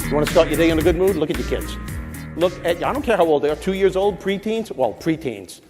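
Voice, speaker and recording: A man's voice: a little high, fast, over music. A man on stage delivering a comedic motivational keynote to an audience in a large hall, punchy and emphatic. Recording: reverberant hall.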